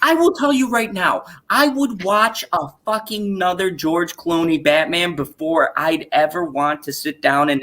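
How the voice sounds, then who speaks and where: A woman hosting a casual stream, ranting in a profane, exasperated way with frequent laughter. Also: sits low. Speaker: streamer hosting an open chat.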